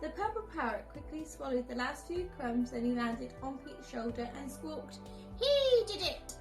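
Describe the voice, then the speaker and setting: A woman from a nursery reading a bedtime story aloud in a lively, expressive way. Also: high voice, normal speed, music in the background. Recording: echoey room.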